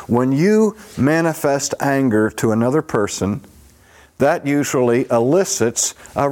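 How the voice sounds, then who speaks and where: A man giving a teaching lecture, speaking deliberately and posing rhetorical questions to his listeners. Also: fairly high pitch, darkish tone.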